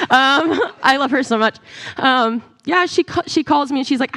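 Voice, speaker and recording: A woman's voice: sits high, fast. A woman giving an emotional personal testimony in church, close to tears and acting out the dialogue she retells. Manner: tearful, expressive, acts out quoted dialogue. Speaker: church speaker sharing a testimony. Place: church sanctuary.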